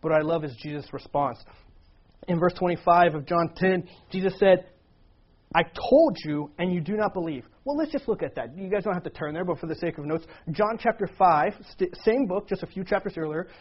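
Earnest, husky-voiced male preacher. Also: sits high, brisk. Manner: earnest, acts out quoted lines with a raised voice. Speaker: pastor. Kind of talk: sermon. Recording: dull lo-fi sound.

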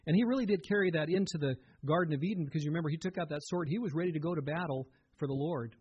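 A man's voice: fairly high pitch, rapid-fire, darkish tone, husky, highs cut off. A man giving a sermon as a pastor, earnest and conversational, often turning to the listeners with direct questions.

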